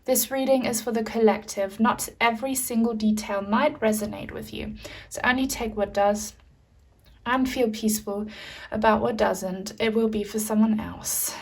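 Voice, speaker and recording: A woman giving a pick-a-card tarot reading to her viewers, speaking gently and reassuringly, with frequent fillers. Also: mid-range voice, fairly even intonation, normal speed, slightly rough. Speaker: tarot reader.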